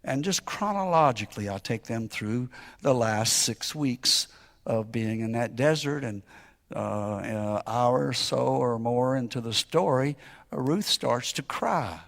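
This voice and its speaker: Slow gravelly preacher man. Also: mid-range voice. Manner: emphatic, climbing to shouted exclamations, then dropping to a hush. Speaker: missionary preacher. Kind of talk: sermon storytelling.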